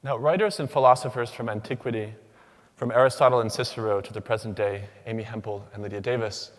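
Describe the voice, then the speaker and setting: Measured man speaking in a hall. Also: on the low side, steady tone. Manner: rhythmic, measured delivery with deliberate pauses. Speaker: doctoral student speaker. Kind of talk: rehearsed academic talk. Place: large hall. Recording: long hall reverb.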